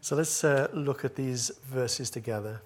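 A man preaching a sermon at a church service, earnest and building in volume on key phrases, with gentle asides and small hesitations. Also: medium pitch, a little slow.

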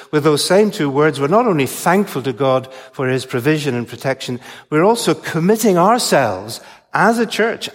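Older guy preaching in a church, kinda high voice, long echo, slow careful emphasis. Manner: measured expository preaching with emphatic stresses. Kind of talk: sermon.

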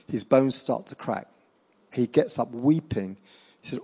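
A middle-aged man preaching, telling healing stories with lively acted-out quotes. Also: medium pitch, moderate pace, vocal fry, slightly rough. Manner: animated storyteller acting out quoted voices. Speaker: evangelist preacher. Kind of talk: sermon storytelling.

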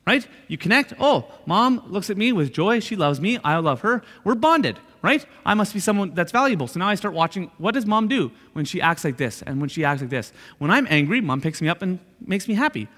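A man's voice: high voice, sing-song, brisk, hardly any pauses, a bit bright. A man preaching a sermon as pastor, talking conversationally and repeating his points with frequent "right?" asides. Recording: long hall reverb.

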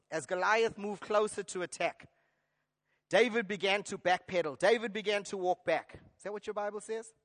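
A man preaching a sermon, retelling a Bible story with lively acted-out lines and questions to the congregation. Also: high voice, moderate pace. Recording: long hall reverb.

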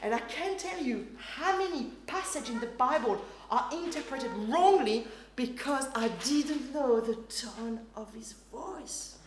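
Animated woman preacher in a roomy hall. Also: high voice, unhurried, few pauses. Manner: animated storytelling, acting out voices. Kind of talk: sermon. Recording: roomy hall with faint noise.

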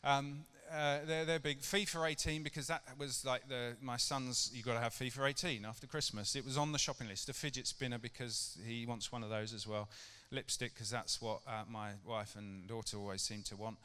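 Man, middle-aged, preacher, casual conversational sermon, bright voice, long church-hall reverb. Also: medium pitch, steady tone, moderate pace, hardly any pauses, clean tone. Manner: conversational and chatty, with rhetorical questions to the congregation.

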